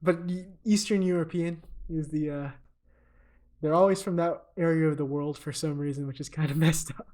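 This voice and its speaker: A man's voice: fairly high pitch, steady tone, normal speed, a little mellow. Rambling male podcast co-host. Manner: rambling, filler-heavy storytelling. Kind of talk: casual comedic movie recap.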